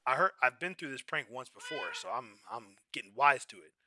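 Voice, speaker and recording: Lively, exasperated young male storyteller. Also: mid-range voice, brisk, few pauses, no room sound. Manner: animated, exasperated, rising to outrage. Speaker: streamer.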